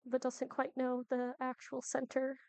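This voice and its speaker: A woman's voice: high voice, monotone, unhurried, vocal fry, mellow, smooth, dry recording. A woman playing a tabletop game casually, laughing often. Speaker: player.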